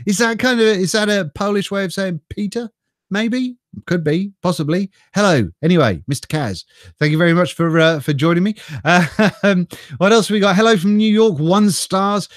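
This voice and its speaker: A man's voice: sits high, moderate pace, no room sound, clean studio sound. An English man chatting casually on a live stream, greeting viewers by name and laughing often, speaking into a desk mic through a mixer. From England. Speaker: vlogger reading live chat.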